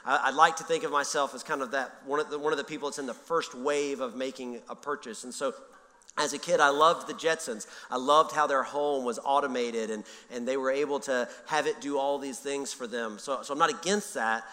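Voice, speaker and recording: A man's voice: medium pitch, a little fast, in a large hall. A middle-aged man preaching a conversational sermon as pastor, telling stories with frequent restarts and repeated words. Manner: conversational, self-interrupting, animated storytelling.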